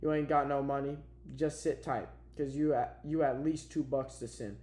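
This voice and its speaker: A man's voice: medium pitch, fairly even intonation, normal speed, mellow, close to an everyday voice. A man reading as a wry old farmer. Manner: dry teasing drawl. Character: wry older male farmer, teasing. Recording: roomy echo.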